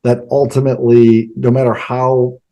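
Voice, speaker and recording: A man hosting an interview, asking an earnest, halting question. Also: mid-range voice, flat delivery, muffled recording. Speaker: podcast host.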